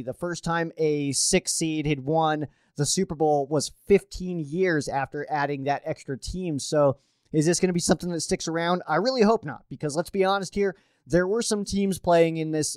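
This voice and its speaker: A man's voice: on the high side, a little mellow, no echo, studio quality. A man hosting a sports show, talking casually and chattily with frequent restarts. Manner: chatty, restarts often, uses fillers. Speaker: sports podcast host. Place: at home.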